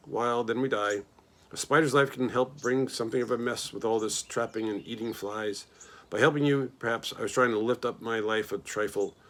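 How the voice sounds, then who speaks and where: A man voicing a calm, wise female spider who speaks gently and measuredly. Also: medium pitch, lightly acted.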